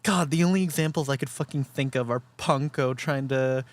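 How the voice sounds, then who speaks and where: A woman's voice: rumbling low, fairly quick, no room sound. A woman streamer chatting casually while reacting to a clip, laughing often, swearing, and reading chat aloud.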